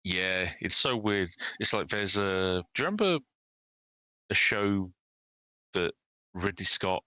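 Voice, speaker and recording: Man, podcast co-host, very low voice, bright edge, wry casual chat. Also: expressive, slow pace, no room sound, poor audio.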